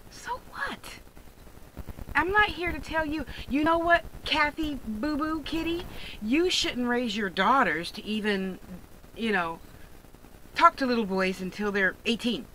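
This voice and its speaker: Profane, ranting woman with bright voice. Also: on the high side, animated, normal speed, slight background noise, rough recording. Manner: blunt, profane, sarcastic ranting. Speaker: online jewelry and crystal seller. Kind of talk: ranting vlog monologue.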